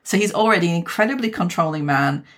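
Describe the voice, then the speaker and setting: A woman's voice: on the low side, animated, fast talker. A woman co-hosting a podcast, giving her firm opinions with emphasis. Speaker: podcast co-host. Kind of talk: casual podcast discussion.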